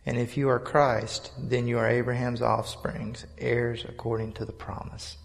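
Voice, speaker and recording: A pastor delivers a sermon with an earnest, conversational touch. His voice is gravelly and sits at an ordinary middle pitch for a man. The long reverb of a large church hall trails behind every phrase. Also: little pitch movement, normal speed, hardly any pauses. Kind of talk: sermon with prayer and storytelling.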